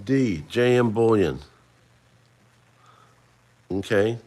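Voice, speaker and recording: A man's voice: lowish voice, animated, very slow, a little mellow. A middle-aged man hosting a casual livestream, chatting and running a trivia quiz for viewers he addresses by name. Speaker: livestream host.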